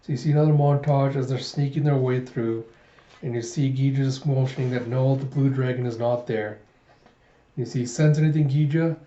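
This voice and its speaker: A man recaps a manga in a casual way, jumping between narration and the characters' lines. His voice is very dark and mellow. The recording is roomy and slightly muffled. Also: mid-range voice, fairly even intonation, moderate pace. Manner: recaps with "he's like", acts out lines. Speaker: manga reviewer. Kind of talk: casual comic readthrough.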